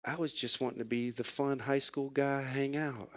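A middle-aged man preaches to his congregation, weaving a personal story into an earnest, emotional sermon. His voice sits in an ordinary middle pitch. The sound is close and dry, with no room echo. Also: fairly even intonation, normal speed. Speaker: pastor.

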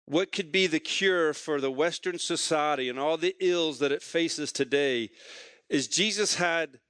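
A man's voice: fairly high pitch, a bit bright, dry recording, studio quality. A man preaching a sermon as a pastor, telling stories in a conversational way and repeating phrases for emphasis.

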